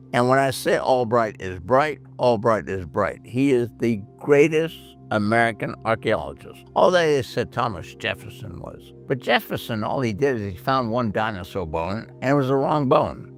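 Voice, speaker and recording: A man hosting a Bible history talk, telling stories emphatically and acting out the voices of the people he quotes. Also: mid-range voice. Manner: emphatic storyteller who acts out quoted voices. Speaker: host.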